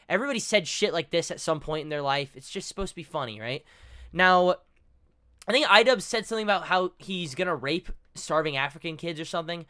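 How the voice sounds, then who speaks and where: A man's voice: fairly high pitch, bright, forceful tone, clean tone, no echo, studio quality. A young man doing profane, mocking reaction commentary in a rambling way. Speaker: commentary streamer.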